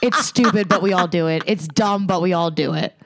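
A woman's voice: fairly low pitch, fairly quick. A woman co-hosting a podcast, trading crude jokes in casual chat. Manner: crude, joking banter. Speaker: podcast co-host.

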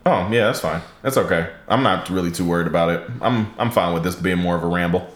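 A man hosting a casual podcast chat, animated and laughing often, restarting his sentences as he goes. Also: deep voice, fast talker, roomy sound. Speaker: podcast host.

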